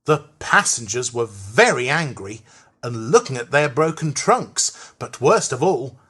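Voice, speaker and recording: A narrator reading a children's train story aloud in an expressive storytelling manner. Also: mid-range voice, breathy edge. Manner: slow, lively storytelling.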